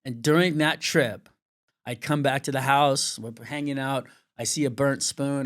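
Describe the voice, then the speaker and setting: A man's voice: mid-range voice, normal speed. A middle-aged man from California tells his story in a frank, unpolished way. He swears freely and jumps into other people's voices when he quotes them. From Venice, California. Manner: swears freely, acts out quoted dialogue with lively shifts. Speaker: surf commentator, interview guest. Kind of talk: candid storytelling interview.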